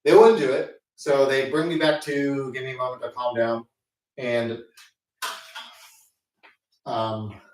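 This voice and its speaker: A man's voice: mid-range voice, fairly even intonation, takes it slowly, long pauses. A man telling a rambling, self-mocking story with many fillers, chatting casually between sets at the gym. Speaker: host. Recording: echoey room, mic at a distance.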